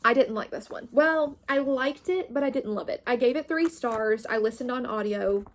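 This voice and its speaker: A woman's voice: a little high, normal speed. A young woman chatting casually about books she read, gushing and enthusiastic. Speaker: booktube host. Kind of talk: casual reading wrap-up chat.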